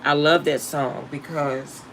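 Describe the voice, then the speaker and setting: Older vlog host, slow and emphatic, laughs through blunt slangy advice, faint noise behind. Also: medium pitch, fairly even intonation, low-quality recording. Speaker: channel host. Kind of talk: casual spiritual advice vlog.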